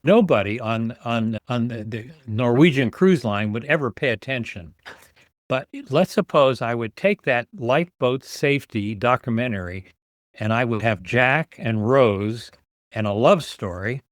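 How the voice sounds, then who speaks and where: A man's voice: mid-range voice, lively intonation, measured pace, dry recording, clean studio sound. A man in his sixties, a podcast guest, telling his story earnestly and repeating words as he builds each point. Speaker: guest, author and nonprofit founder.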